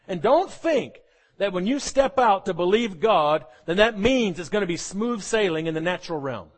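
A man preaching a sermon, animated and jokey, often acting out the voices of the people he quotes. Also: sits high, moderate pace. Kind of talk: sermon with humorous asides.

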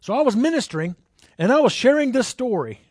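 A man's voice: very animated, fairly quick, darkish tone, husky, no room sound. Conversational male preacher, dry sound. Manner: conversational, asks the crowd questions; jumps into high voices when acting out people. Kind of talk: sermon with personal stories.

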